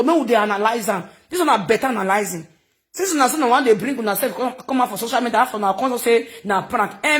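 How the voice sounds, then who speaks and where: A Nigerian woman giving rambling, chatty gossip commentary into her phone, mixing in local phrases and laughing often. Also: fairly high pitch. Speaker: social media commentator.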